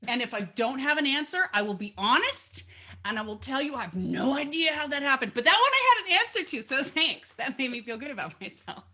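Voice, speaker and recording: A woman's voice: high-pitched, big pitch swings, a little fast, sharp tone. A woman teaching fiddle in a casual online lesson, bubbly and chatty with playful asides, heard over a video call.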